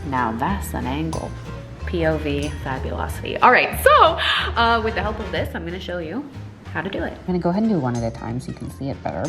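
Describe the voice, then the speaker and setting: Young woman vlogger, bubbly and self-mocking, with a lively, swooping voice. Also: mid-range voice. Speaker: beauty vlogger. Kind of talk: casual tutorial chat with voice-over. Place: outdoors outside her apartment.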